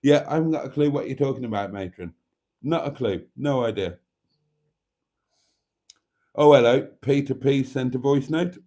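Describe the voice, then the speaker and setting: A man's voice: mid-range voice, lively intonation, brisk, dark tone. A middle-aged man hosting a late-night livestream, cheeky and chatty with frequent laughs, tired. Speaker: livestream host. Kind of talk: casual chat reading comments.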